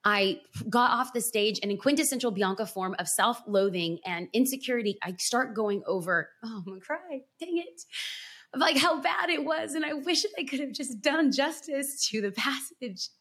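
A woman church planter, a podcast guest, telling an emotional personal story with earnest, animated delivery. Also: a little high. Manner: animated, earnest, pace swings from rapid to drawn out.

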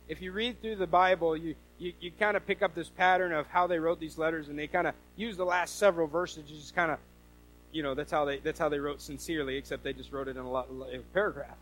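A man from the US Northwest preaching a sermon, telling stories with lively quoted voices. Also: fairly high pitch, fast talker, rough recording. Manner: animated storytelling with quoted voices. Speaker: pastor.

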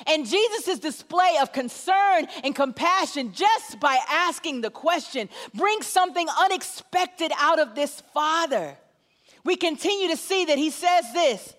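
Woman preaching in a big reverby hall, high voice that jumps all over, chatty and repeats herself. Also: a little slow. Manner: animated, conversational preaching with repetition. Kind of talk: sermon.

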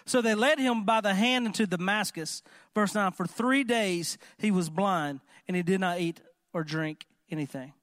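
A man preaching a sermon in an animated, conversational way, often asking the congregation questions. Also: high-pitched, moderate pace, no echo, studio quality. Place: church.

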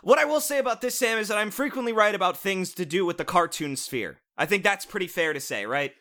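A young man with a high-pitched, sharp-toned voice speaks fast and expressively. Co-hosting a podcast about cartoons, he rants sarcastically and swears constantly, keeping it casual and funny.

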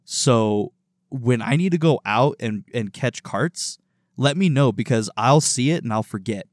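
A man co-hosting a podcast in casual chat, an animated storyteller who laughs and swears. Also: mid-range voice, a little slow, dry recording, studio quality. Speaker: podcast co-host.

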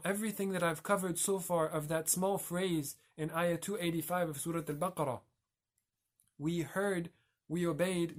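A man with a high-set voice gives a reflective religious talk as a teacher. He explains Arabic terms and pronounces them with care.

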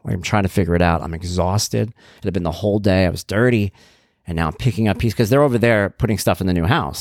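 A man casually telling a personal story in an animated way, acting out what people said. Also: low voice, no echo, studio quality. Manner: animated, acts out quoted exchanges; conversational with fillers and swearing.

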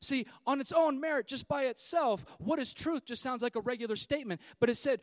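Man, thirties, pastor preaching, high voice, dry close sound, fiery then hushed. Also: fairly quick, hardly any pauses, no room sound. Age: 30s. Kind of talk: sermon.

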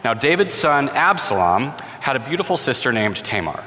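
An expressive man retells a Bible story, speaking directly to his listeners. His mid-range voice rings in a long reverb, as in a hall. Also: mid-range voice, normal speed. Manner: expressive, voices the characters, repeats words when restarting.

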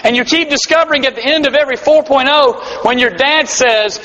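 A man's voice: extremely high pitch, brisk, pushed and bright. A man preaching a sermon to a live audience, earnest and emphatic, with self-deprecating humor. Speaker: pastor. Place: large hall before a live audience. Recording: dull hall-echo live recording.

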